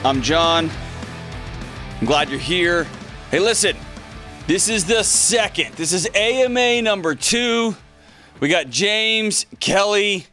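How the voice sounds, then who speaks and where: A man's voice: high voice, lively intonation, slow, pauses often, sharp tone, faint music behind. A man hosting his own podcast in a studio, chatting casually and energetically with rambling, joking asides. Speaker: podcast host. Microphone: studio mic with earphones.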